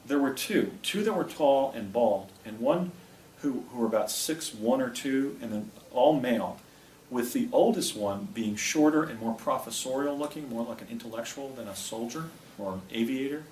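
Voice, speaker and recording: A man's voice: mid-range voice, moderate pace, a little mellow. A middle-aged man from New Jersey giving an anecdotal presentation, rambling with restarts and asides. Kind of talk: anecdotal public talk. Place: presentation room with a projector. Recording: echoey room, distant mic, faint noise.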